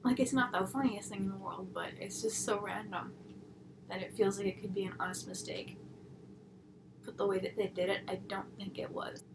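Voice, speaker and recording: A woman's voice: mid-range voice, steady tone, moderate pace. A young woman reviewing an episode in a casual, rambling way, full of tangents and sarcastic asides. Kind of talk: casual chat. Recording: audible background noise.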